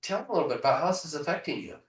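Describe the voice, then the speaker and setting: A man coaching real estate agents in a live training, punchy and energetic, often asking rhetorical questions over a video call. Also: on the high side, racing. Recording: echoey room, voice far from mic.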